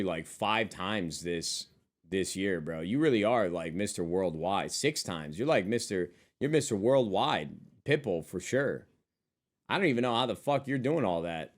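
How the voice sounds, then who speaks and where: A man's voice: lowish voice, expressive, normal speed. A man streaming live, talking casually to his chat in loose, profane, joking banter from his desk. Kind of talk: casual stream chat reading and answering viewers. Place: at a desk with a monitor.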